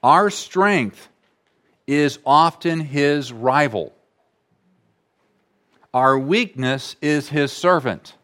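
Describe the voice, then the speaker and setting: A man preaching a sermon as pastor, slow and deliberate, repeating key phrases for emphasis. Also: a little high, lively intonation, a bit bright.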